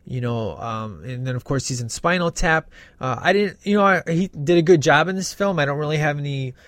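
A man's voice: fairly high pitch, animated, brisk, fairly bright tone, no echo. A man giving a casual, opinionated spoken movie review, rambling with many fillers and restarts.

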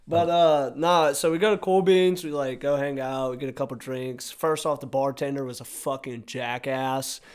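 A man's voice: medium pitch, moderate pace, hardly any pauses, clean tone. Profane young man telling a story. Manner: animated, profane storytelling with acted-out quotes. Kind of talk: casual storytelling chat.

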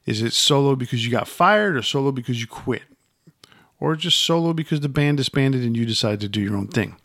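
Rambling podcast host, dry close sound. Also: male voice, mid-range voice, lively intonation, brisk, a bit bright, no echo. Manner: rambling, with frequent restarts and repeated words; emphatic, voice rising when making a point. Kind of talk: casual chat.

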